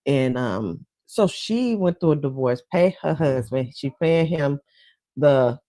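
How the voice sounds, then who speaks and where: A woman's voice: extremely low pitch, expressive, takes it slowly, mellow, no room sound. A woman hosting a livestream talk show, chatting casually and gossipily with her viewers and laughing between points. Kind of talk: casual commentary chat.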